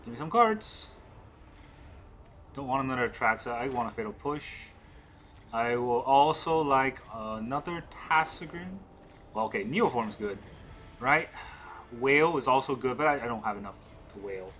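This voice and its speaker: A man's voice: mid-range voice, moderate pace, fairly bright tone, slight background noise. A man thinking aloud as he plays a digital card game, counting cards and questioning his own moves. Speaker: gameplay streamer.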